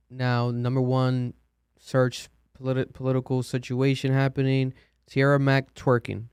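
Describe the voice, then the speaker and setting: Brief: male podcast host, relaxed and rambling, smooth tone, dry close mic. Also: medium pitch, dry recording. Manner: casual, loose, filler-heavy. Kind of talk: interview questions and sign-off.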